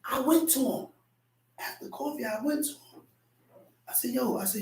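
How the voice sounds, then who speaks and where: A man's voice: very high voice, moderate pace, long pauses, a little mellow. A man preaching a sermon, telling a personal story and acting out the voices in it. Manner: storytelling, acts out voices in quotes. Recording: echoey room, mic at a distance.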